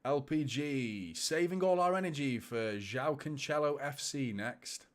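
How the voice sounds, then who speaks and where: A man's voice: medium pitch, lively intonation, a little slow. Man, thirties, live watchalong host, casual match chat, laughs often. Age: 30s. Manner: chatty, laughs often, reads out viewer comments.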